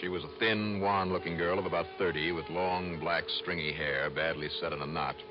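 Deep dry hard-boiled radio narrator, dull old recording with music. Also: male voice, steady tone, normal speed. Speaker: insurance investigator narrator. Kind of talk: 1950s radio drama acting.

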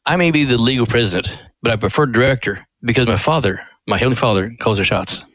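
A man, the director of a ministry, telling its founding story in a radio interview, earnest and lively with quoted voices. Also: medium pitch, fast, no room sound, rough recording.

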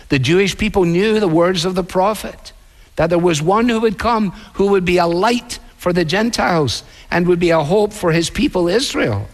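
A man preaching in a church, his voice sitting on the high side and talking through a sermon in an earnest, conversational way. Rhetorical questions keep it moving, and a long reverb trails each phrase across the large hall. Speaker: pastor.

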